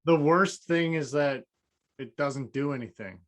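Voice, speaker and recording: A man's voice: a little high, unhurried. A man co-hosting a podcast, telling stories in a dry, joking way with many fillers. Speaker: podcast co-host. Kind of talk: casual storytelling.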